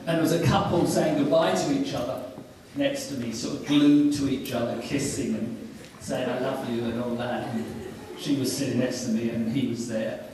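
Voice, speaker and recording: A man's voice: mid-range voice, steady tone, normal speed, hardly any pauses, darkish tone. Man doing stand-up in an echoey hall. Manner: rambling anecdotal banter with the audience. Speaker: stand-up guest at a fan convention. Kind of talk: stand-up comedy storytelling. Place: large convention hall, from far off. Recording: echoey hall from far off, noisy.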